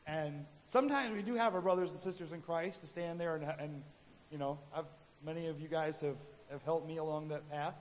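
A man's voice: fairly high pitch, fairly quick. A man preaching a sermon in a conversational way, acting out the quotes in his stories. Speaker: pastor. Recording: hall reverb, dull lo-fi sound, faint noise.

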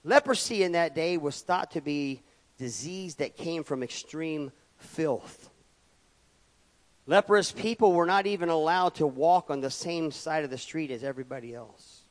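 Preacher, male, high voice, unhurried delivery, big swings from loud to hushed, reverberant church hall. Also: lively intonation. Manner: dynamic, swings between loud emphatic rises and quiet drops. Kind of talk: sermon.

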